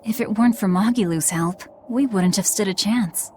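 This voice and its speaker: A woman's voice: medium pitch, moderate pace, a little mellow, a little hiss or hum, natural voice. An actress voicing a blunt, guarded young woman in a video game, speaking in a terse, subdued way. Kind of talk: game voice acting.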